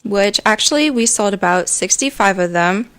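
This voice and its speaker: A woman's voice: medium pitch, expressive, moderate pace, fairly bright tone, smooth. A teenage girl culinary student answering interview questions in a studio, shy with brief replies. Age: teens. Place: radio studio.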